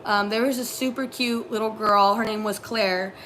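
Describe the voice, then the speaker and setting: A young woman co-hosting a casual live stream, telling animated work stories with many fillers. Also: medium pitch, normal speed, slight background noise. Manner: animated storyteller, lots of fillers. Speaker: co-host, former theme park custodian.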